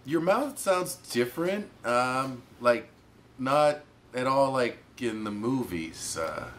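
A man playing an unsure, halting caller to a telethon in an improvised comedy sketch. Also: medium pitch, animated, a bit bright. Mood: hesitant. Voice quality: halting, unsure, many fillers. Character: hesitant man calling a telethon.

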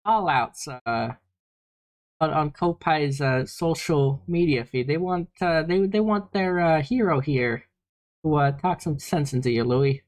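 A woman co-hosts a comedic vtuber podcast, trading banter while stammering, flustered and often repeating her words. Her voice is low-pitched and darkish, and she speaks unhurriedly.

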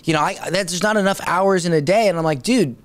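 A man hosting a podcast, asking relaxed, rambling questions backed by his own anecdotes. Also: sits high, quick pace, no echo. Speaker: podcast host. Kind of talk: conversational interview questions.

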